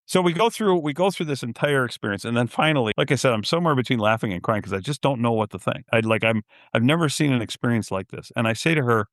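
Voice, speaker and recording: A man's voice: mid-range voice, fairly bright tone, no echo, studio quality. A middle-aged man on a podcast telling a story, acting out both sides of a phone call and laughing in disbelief. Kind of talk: casual storytelling.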